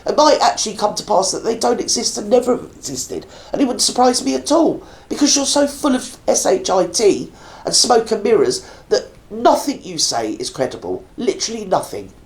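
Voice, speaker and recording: A woman rants through a reaction video, blunt and scornful and quick to swear. Her pitch leaps and dives across a very wide range as she goes. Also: big pitch swings, a little mellow. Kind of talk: ranting reaction commentary.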